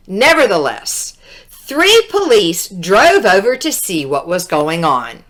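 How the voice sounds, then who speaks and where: A woman reading a children's storybook aloud, expressive and drawn-out, with little asides to the listener. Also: mid-range voice.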